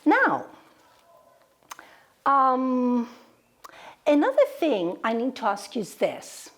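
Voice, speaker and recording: A woman's voice: high-pitched, huge pitch swings, slow, fairly bright tone. A woman with a Greek accent, teaching English to children by telling an animal fable and acting out the voices. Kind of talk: storytelling lesson for children.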